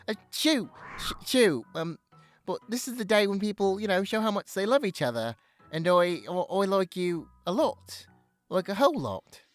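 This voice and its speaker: A man voicing a nervous, scatterbrained male skunk who runs a bookshop, stammering and rambling apologetically in an audio role-play to his partner. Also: mid-range voice. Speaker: boyfriend.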